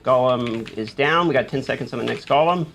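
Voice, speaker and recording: Speaking a little fast in a gravelly, slightly bright mid-range voice, a gaming YouTuber narrates his play live. He talks himself through every move, panics, and eggs himself on, with soft music in the background.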